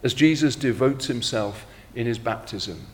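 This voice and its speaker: A middle-aged man preaching a sermon in a measured, reflective way, slowing down when he quotes scripture. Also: mid-range voice, big-room sound.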